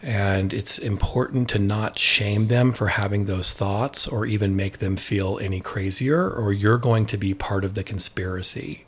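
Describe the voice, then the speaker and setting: A man's voice: lowish voice, steady tone, a little slow, hardly any pauses, fairly bright tone, slightly rough. A man, an addiction expert, speaking candidly in a podcast conversation and telling a personal story with quoted dialogue.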